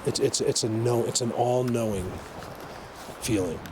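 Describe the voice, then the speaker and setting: A man filming an outdoor vlog, talking excitedly in a rambling way, stumbling over and repeating his words into a handheld camera mic. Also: medium pitch, unhurried. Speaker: outdoor vlogger. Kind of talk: walking vlog commentary. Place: outdoors in wild country. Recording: outdoor noise behind.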